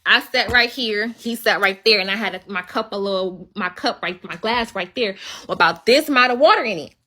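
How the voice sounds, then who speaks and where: A woman's voice: medium pitch, brisk, bright, forceful tone. A young woman livestreaming from home, telling a story as an indignant, swearing rant. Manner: indignant, venting, swears freely. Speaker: livestream host.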